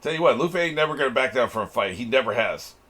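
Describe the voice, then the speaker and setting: A man's voice: medium pitch, expressive, rapid-fire, fairly bright tone. A man hosting a reaction channel, giving casual commentary on an anime episode, laughing often and swearing freely.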